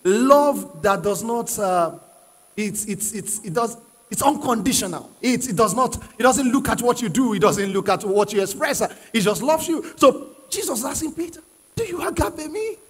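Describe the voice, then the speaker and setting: High-voiced, husky male pastor preaching. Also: lively intonation, normal speed. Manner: asks the congregation questions and prods them to answer; emphatic, repeats key phrases. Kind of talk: sermon. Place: church hall with live congregation. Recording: long reverb of a large hall.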